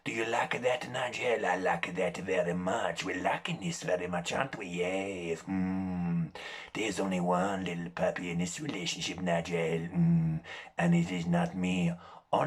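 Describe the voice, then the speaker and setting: A man voicing a ruthless little female dog, purring and commanding in a low hush. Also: steady tone, a little slow, breathy edge. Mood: purring seductive. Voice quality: hushed, low murmur.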